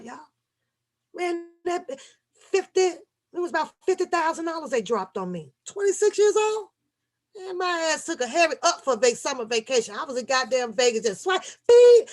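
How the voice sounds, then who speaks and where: A woman in her thirties who rants and tells stories to her viewers, swearing freely and sounding animated. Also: high voice. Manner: profane, animated, talks straight to viewers. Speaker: vlogger. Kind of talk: casual storytelling rant.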